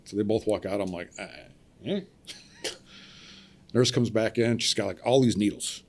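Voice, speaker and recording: Middle-aged guy on a podcast, lowish voice, telling a wild story and doing everyone's lines. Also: measured pace. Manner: animated storyteller acting out quoted voices, laughing. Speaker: podcast guest, cable splicer. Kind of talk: casual storytelling.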